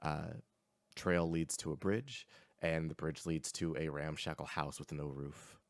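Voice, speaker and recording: A man narrates a tabletop game as game master, loosely and with many fillers. His voice is low and the sound is dry and close. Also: steady tone, a little slow, no echo.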